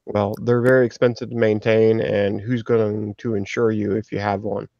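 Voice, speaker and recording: Measured man on dull-sounding line. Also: fairly low pitch, little pitch movement, creaky, darkish tone, dry recording. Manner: measured, hedging. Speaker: podcast guest. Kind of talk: casual discussion.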